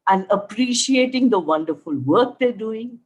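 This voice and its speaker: A woman's voice: fairly high pitch, normal speed, husky, low-quality recording. A middle-aged woman with an Indian English accent, giving an emphatic motivational talk as a cancer survivor and acting out the dialogue of her story. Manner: animated, acts out dialogue, emphatic. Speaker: cancer survivor guest speaker.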